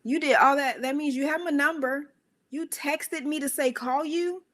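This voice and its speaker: A woman giving a spiritual motivational talk in a conversational, emphatic way, with rhetorical questions and playful voices for her own inner thoughts. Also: moderate pace. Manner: animated, acts out her own inner voices with squeaky high bits. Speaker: speaker of a worship center.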